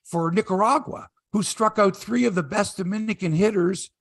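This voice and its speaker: A middle-aged man talks at normal speed with vocal fry, with no room sound, while hosting a sports podcast in casual chat. He tells stories with animation, acting out quotes in a high, raised voice.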